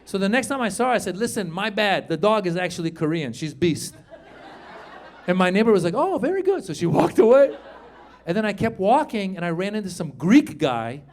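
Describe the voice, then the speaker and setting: A middle-aged man from Iran doing an animated stand-up set on a club stage, acting out shouted quotes as he tells stories. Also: high voice, a little fast. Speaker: stand-up comedian. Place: comedy club stage with live audience.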